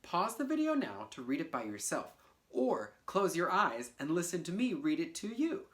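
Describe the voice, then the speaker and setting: A woman's voice: fairly low pitch, very animated, normal speed. A woman teaching artist giving a playful, encouraging poetry lesson to children, speaking directly to them. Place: home video for a virtual class.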